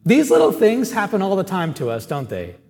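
Chatty priest in a reverberant hall. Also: male voice, high-pitched, brisk. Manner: animated, chatty, asides to congregation. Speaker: Catholic priest. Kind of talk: storytelling sermon.

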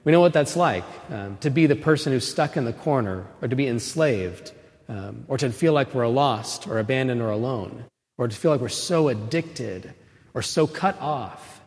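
A man's voice: lively intonation, normal speed. Man preaching a chatty homily in reverb. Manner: chatty storytelling, frequent "right?" asides; grows louder and higher when stressing a point. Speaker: homilist at Mass. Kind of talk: conversational sermon. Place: church. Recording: long reverb of a church.

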